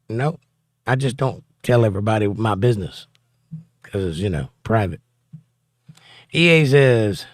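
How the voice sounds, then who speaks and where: A man's voice: lowish voice, no echo, studio quality. A man hosting a casual livestream from home, reading viewer chat aloud and joking back. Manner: reads chat messages aloud, wisecracking.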